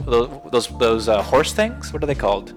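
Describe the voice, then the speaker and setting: A man's voice: medium pitch, big pitch swings, normal speed, faint music behind. A man co-hosting a podcast, talking casually as a rambling storyteller who laughs often and adds playful asides. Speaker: podcast co-host. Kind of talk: casual chat.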